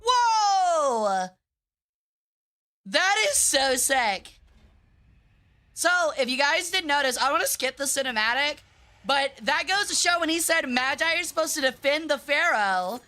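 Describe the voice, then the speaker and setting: A woman's voice: high-pitched, big pitch swings, a little slow, bright, forceful tone. A woman streaming a video game, chatting casually with her viewers and arguing with them in a playful, bratty, mock-outraged way. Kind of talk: casual gaming livestream chat.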